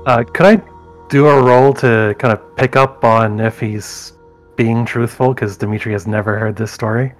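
A man's voice: medium pitch, steady tone, moderate pace, faint music behind. Man chatting as a tabletop player. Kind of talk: tabletop game chat.

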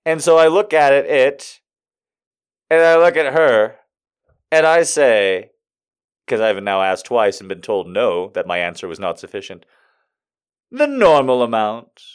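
A man's voice: mid-range voice, steady tone, a little slow, clear, resonant tone. A man doing stand-up, telling a story with profanity and exasperation and acting out the people in it. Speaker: stand-up comedian.

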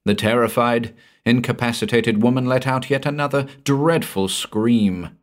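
A man reading a scripted horror story aloud in a measured, dramatic way, dropping to a hush at the ends of phrases. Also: mid-range voice. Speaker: narrator.

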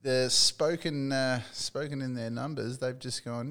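A man's voice: mid-range voice, steady tone, measured pace, fairly bright tone. A middle-aged Australian man in casual sports chat, laid-back, swearing freely and laughing often. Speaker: podcast co-host.

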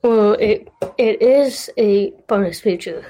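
A woman's voice: medium pitch, slow, warm tone. A woman co-hosting a podcast in a casual chat, easygoing and chatty as she tells stories. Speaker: podcast co-host.

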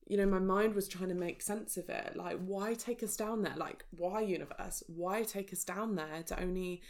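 A woman's voice: mid-range voice, fairly even intonation, normal speed, hardly any pauses, a little mellow. A woman from England talking openly to her viewers about a hard stretch of her life, in a raw, reflective and searching way. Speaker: spiritual vlogger. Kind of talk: personal storytelling to viewers.

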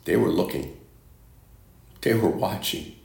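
Gravelly-voiced male preacher, echoey room. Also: low voice, a little slow, a little mellow. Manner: emphatic, repeats phrases, quotes scripture. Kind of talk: sermon.

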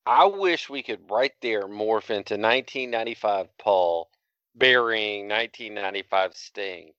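A man's voice: lowish voice, unhurried, sharp tone, clean tone, dry recording, lo-fi sound. A man hosting a casual podcast, blunt and sarcastic. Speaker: podcast host. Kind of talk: casual chat.

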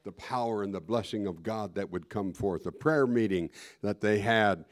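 A male pastor preaching a fervent sermon. He keeps breaking in with "praise God" and swings from raised, emphatic lines to soft, low asides. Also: moderate pace.

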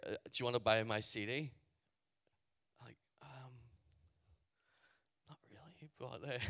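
Forceful Northern Irish man telling a story. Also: medium pitch, clear, resonant tone. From Northern Ireland. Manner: animated storyteller, full of "like" fillers. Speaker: youth event speaker. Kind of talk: storytelling talk to a youth audience.

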